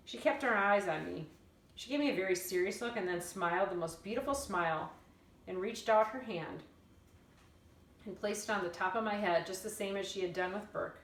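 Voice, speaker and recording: A woman teacher reading chapters of a novel aloud to listeners, in a steady storytelling manner. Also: medium pitch, brisk. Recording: roomy, from far off the mic.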